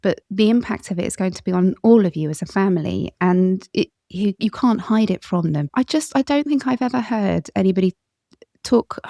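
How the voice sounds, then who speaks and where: A woman's voice: medium pitch, gravelly, mellow, no room sound, clean studio sound. A middle-aged woman hosting a podcast interview, reflective, often searching for her words and repeating herself. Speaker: podcast host. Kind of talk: interview conversation.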